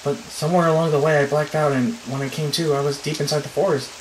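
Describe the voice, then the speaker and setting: A man reading the lines of a shaken young girl who was possessed, explaining herself in a hesitant, halting way. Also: a little high, fairly even intonation, slight background noise, natural voice. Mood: uneasy. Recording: roomy echo.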